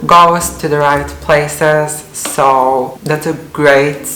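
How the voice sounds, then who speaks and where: A young woman vlogging in a chatty, earnest way, filling her talk with "like". Her voice sits low and stays fairly level. The recording is roomy, with a faint hiss underneath. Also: fairly even intonation, extremely slow, a bit bright. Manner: chatty, earnest, many "like" fillers. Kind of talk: casual talk to camera. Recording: roomy echoey room.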